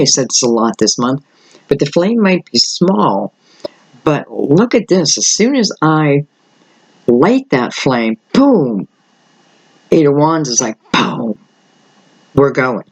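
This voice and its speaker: An older man, slightly hoarse, giving a rambling solo tarot reading and thinking aloud with many fillers. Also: fairly high pitch, big pitch swings, measured pace, darkish tone, no echo, rough recording. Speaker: tarot reader.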